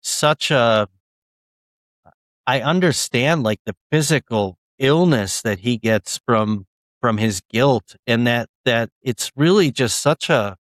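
A man's voice: mid-range voice, expressive, slow, fairly bright tone, dry recording. A young man, an author guest in a casual interview, speaking earnestly with frequent ums and restarts.

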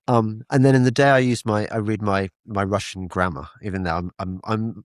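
A man's voice: fairly low pitch, steady tone, brisk, few pauses, no echo. An older man hosting an interview in casual chat, often repeating words as he stammers and chuckles.

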